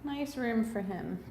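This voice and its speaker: A woman's voice: a little high, warm tone, a little hiss or hum. A mother giving a casual, rambling walking tour of her messy house, sounding tired and plain-spoken. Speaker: mother vlogging a home tour. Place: house, indoors and around the yard.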